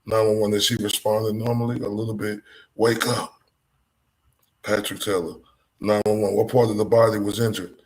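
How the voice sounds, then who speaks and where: A man's voice: on the low side, flat delivery, moderate pace, poor audio. A man with a Texan accent, a live-stream commentator reading a transcript aloud with emotional reactions. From Dallas, Texas. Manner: emotional, exclaiming in disbelief.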